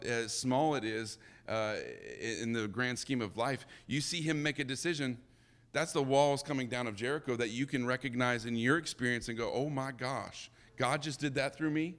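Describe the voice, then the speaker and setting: A man preaching a sermon in a lively, conversational way, acting out the characters' dialogue. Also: medium pitch. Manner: animated, conversational, acts out dialogue.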